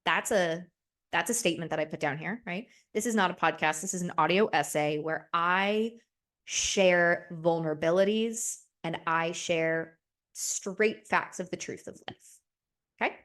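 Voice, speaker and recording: A woman's voice: fairly low pitch, a little slow, fairly bright tone. A woman in her twenties hosting a solo podcast, talking casually and animatedly, rambling with lots of "like" and "right?" and swearing freely. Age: 20s. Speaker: podcast host.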